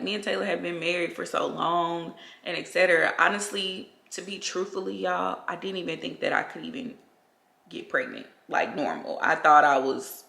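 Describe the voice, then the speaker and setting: A woman's voice: on the low side, gravelly, a bit bright. A young woman vlogger telling a personal story to her viewers at home, chatty, often calling them y'all. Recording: roomy echo.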